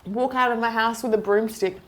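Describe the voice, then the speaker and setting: A young woman, co-hosting a casual podcast chat over a meal and telling a story in a quick, amused way. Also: fairly high pitch, fairly even intonation, a bit bright. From Australia. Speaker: podcast co-host.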